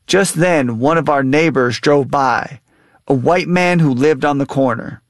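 Male author guest, 30s, slight vocal fry, reflective and measured, dry studio read. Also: on the high side, dry recording. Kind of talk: interview and memoir reading.

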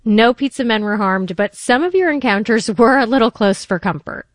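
A woman's voice: on the high side, animated, moderate pace, no echo, clean studio sound. A woman hosting a radio show, reading links in a friendly way.

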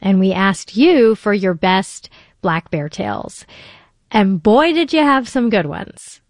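A woman's voice: medium pitch, lively intonation, slow, no echo, clean studio sound. A woman hosting a radio show, reading links in a friendly way.

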